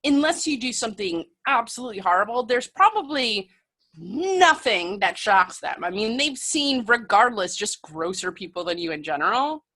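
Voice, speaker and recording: A woman's voice: a little high, big pitch swings, moderate pace, pushed and bright. A woman co-hosting a casual podcast, bantering and teasing with frequent laughs. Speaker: podcast co-host. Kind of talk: casual chat.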